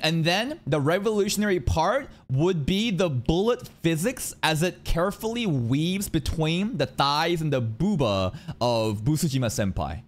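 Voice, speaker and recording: A man giving casual reaction commentary into a studio dynamic mic, animated and profane, often jumping into high mocking voices. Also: measured pace, hardly any pauses. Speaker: reaction streamer.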